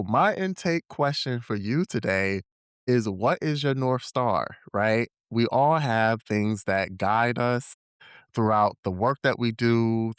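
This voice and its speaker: A man hosts his podcast in an upbeat, chatty, relaxed way, full of slang. His voice is fairly low, smooth and clear, and it is recorded dry and close. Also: dry recording. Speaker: podcast host. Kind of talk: casual podcast hosting.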